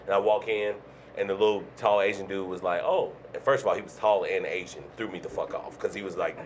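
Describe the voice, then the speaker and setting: A man's voice: sits low, a little fast, a little hiss or hum. A man in his thirties, a guest comedian telling a story in casual chat, swearing a lot and acting out what people said. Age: 30s. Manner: animated storyteller, heavy swearing, acts out quotes.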